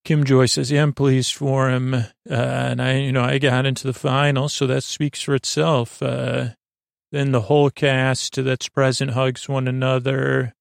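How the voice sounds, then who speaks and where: Gravelly, flat-voiced man rambling. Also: medium pitch, unhurried, dry recording, clean studio sound. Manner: rambling, hesitant, many fillers. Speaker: sleep podcast host. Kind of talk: casual sleepy episode recap.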